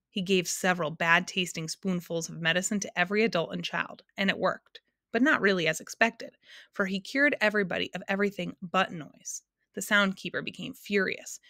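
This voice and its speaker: A woman reading a children's storybook aloud in a calm, expressive way. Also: mid-range voice, no echo, clean studio sound. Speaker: narrator.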